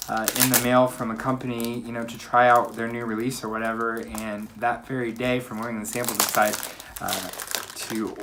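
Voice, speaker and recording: A man vlogging a casual unboxing from a quiet room at home, chatty and upbeat, with plenty of ums and uhs. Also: medium pitch, level tone, a little fast, noisy background. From United States. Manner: chatty, upbeat, many fillers. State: slightly out of breath. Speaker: fragrance reviewer.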